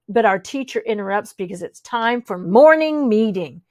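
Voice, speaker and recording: A woman reading a children's chapter book aloud, lively and switching voices for each character. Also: mid-range voice, normal speed, dry recording. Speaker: audiobook reader.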